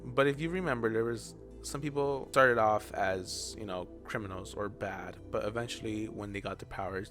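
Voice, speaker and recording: Young guy rambling thru an episode recap, kinda low voice, music going underneath. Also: fairly bright tone. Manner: chatty and rambling, heavy use of "you know" and "like"; drops to an aside whisper now and then. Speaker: recap host. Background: background music.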